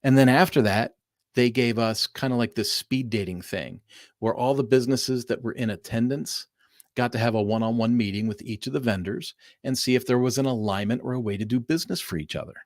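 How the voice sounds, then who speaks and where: A middle-aged man from Southern California hosting a casual livestream, telling stories with lively enthusiasm and calling his viewers "folks.". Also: medium pitch, fairly quick, dry recording, clean studio sound. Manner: animated storyteller addressing viewers as "folks". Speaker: livestream host.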